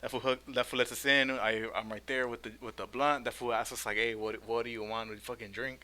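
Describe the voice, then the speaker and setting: A young man tells stories fast on a casual podcast, full of slang and swearing. His voice is bright and edgy, and he shouts mocking quotes of other people. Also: mid-range voice, level tone. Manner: profane slangy storytelling with loud mocking quotes. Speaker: podcast co-host. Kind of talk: casual storytelling chat.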